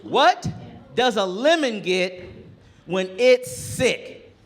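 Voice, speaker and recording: A man voicing an eager, excited eight-year-old boy who repeats himself in a rush, recorded live in an echoey comedy club. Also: high-pitched, extremely slow, pitched above the performer's own voice, exaggerated voice. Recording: echoey club room with audience noise.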